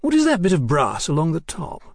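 A man voicing a brisk, commanding Victorian government agent with a crisp, inquiring way of speaking, in an audiobook. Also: a little high, wildly swooping pitch, no room sound, pitched above the performer's own voice, full character voice.

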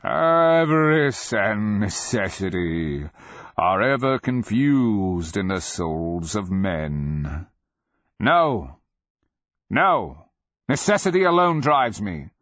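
A man voicing an ancient undead dragon with a booming, croaking voice, drawing each word out slowly and menacingly. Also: very animated, a bit bright, no room sound, heavily acted. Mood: scornful. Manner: slow, drawn-out, menacing. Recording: dull lo-fi dry recording.

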